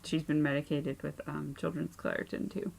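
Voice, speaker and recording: A woman in her thirties hosting a knitting podcast at home, chatting casually with lots of ums, tired and low-key. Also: flat delivery, normal speed, gravelly, darkish tone. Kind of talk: casual chat. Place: home craft room and playroom.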